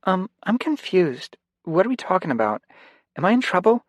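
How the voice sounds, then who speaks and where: A jittery middle-school girl with psychic gifts, her voice pitched high and full of breathless, pleading questions, as a male narrator puts her on. Her lines swing up and down in pitch. The read is dry and close, with no room sound. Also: big pitch swings, moderate pace, no room sound. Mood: anxious.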